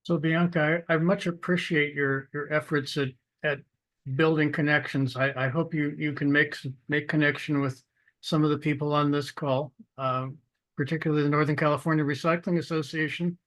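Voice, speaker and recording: A man hosting a monthly video call show, with a somewhat high voice for a man. He talks in a halting way, repeating words as he looks for the right one. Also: flat delivery, a bit bright. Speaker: show host.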